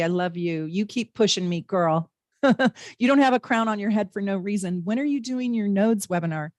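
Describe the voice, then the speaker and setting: A woman's voice: mid-range voice, a little mellow, dry recording, studio quality. Bubbly woman hosting a live tarot reading. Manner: bubbly and chatty, reads viewer comments aloud, laughs often. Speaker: astrologer and tarot reader hosting a live stream. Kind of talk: live-stream tarot reading, chatting with viewers.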